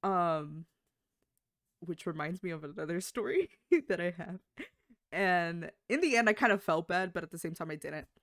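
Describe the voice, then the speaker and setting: Lively young woman telling work stories. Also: fairly low pitch, normal speed, dry recording, clean studio sound. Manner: animated, swears, acts out quoted voices. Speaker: podcast co-host. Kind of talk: casual storytelling chat.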